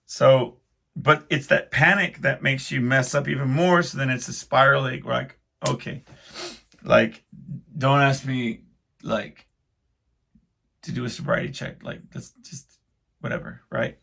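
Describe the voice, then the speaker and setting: A man's voice: mid-range voice, fairly even intonation, a little slow, creaky, long pauses, bright, forceful tone. A man hosting his own podcast, telling a rambling, self-deprecating story in casual speech full of restarts. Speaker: podcast host.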